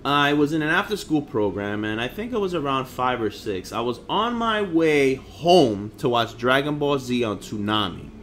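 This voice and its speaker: A young man from Harlem, recounting his past in a loose, profane vlog voice full of slang. His pitch swings widely from low mutters to sudden high jumps, over a mid-range voice. Faint noise sits in the background. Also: big pitch swings, moderate pace, few pauses, a bit bright. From Harlem, New York. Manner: blunt, profane, slangy ("bro", "yo"). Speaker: vlogger. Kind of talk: casual storytelling vlog.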